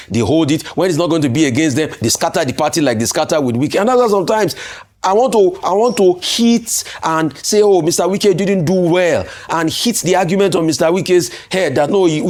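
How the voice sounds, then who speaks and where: A man's voice: sits high, a little mellow. A man with a Nigerian accent, arguing emphatically as a political commentator on a studio talk show. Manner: emphatic, argumentative, rhetorical questions.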